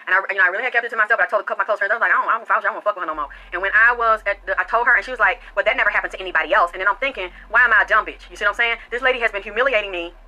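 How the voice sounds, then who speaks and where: A woman's voice: mid-range voice, rapid-fire, hardly any pauses, sharp tone, rough recording. A woman hosting a podcast, telling a personal story in a blunt, profane, emphatic way. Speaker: podcast host. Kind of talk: storytelling commentary.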